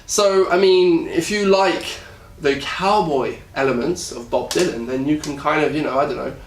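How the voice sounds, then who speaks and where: A man with a British accent talking casually about how he interprets a song, thinking aloud with lots of fillers and pauses. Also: on the high side, distant mic. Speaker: singer and music YouTuber. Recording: echoey room, voice a bit off-mic.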